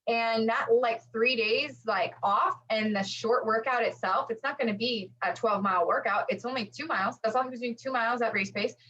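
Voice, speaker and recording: A woman co-hosting a running podcast in casual chat, lively and acting out quotes with lots of fillers. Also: fairly high pitch, normal speed, few pauses, husky. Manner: animated, acts out quotes, many fillers. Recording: dull lo-fi audio.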